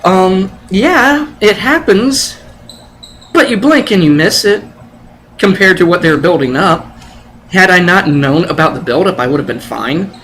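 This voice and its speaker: A man's voice: sits high, expressive, unhurried, fairly bright tone, a little hiss or hum. Sarcastic rambling movie reviewer, man. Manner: sarcastic, rambling, blunt with swearing. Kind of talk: casual video review.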